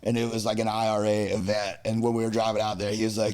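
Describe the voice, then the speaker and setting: An American musician telling crude, comic stories from his travels in a relaxed podcast chat. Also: lowish voice, quick pace. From United States. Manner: animated, crude, comic storytelling. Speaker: musician guest. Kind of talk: storytelling in a casual podcast chat.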